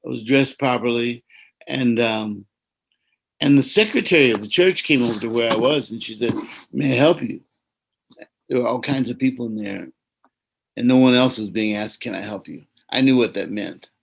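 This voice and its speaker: A man from the United States, an Orthodox priest, telling a personal story in a gentle, reflective, preacherly way over a video call. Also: mid-range voice, normal speed, creaky, low-quality recording.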